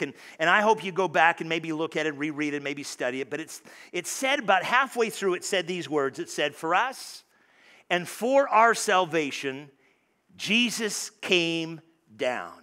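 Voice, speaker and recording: A man preaching a sermon in a church, conversational and animated, stumbling over restarts and dropping suddenly soft. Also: sits high. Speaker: pastor. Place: church sanctuary.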